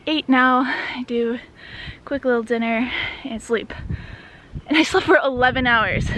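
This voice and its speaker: A young woman from Wisconsin telling a casual hiking story, chatty and full of "like" fillers, recorded outdoors on a mountain trail. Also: high voice. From Wisconsin, USA. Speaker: hiker vlogger. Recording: outdoor noise in background.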